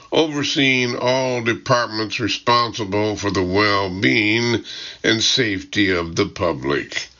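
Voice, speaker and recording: A man reading a first-person audiobook narration in a measured, dry and wry way. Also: on the low side, bright, forceful tone, lo-fi sound.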